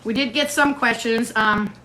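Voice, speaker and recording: A woman's voice: on the high side, normal speed, bright, forceful tone, slight background noise. A middle-aged woman hosting a casual livestream, chatting playfully and reading out viewer comments while she waits for a guest. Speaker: livestream host.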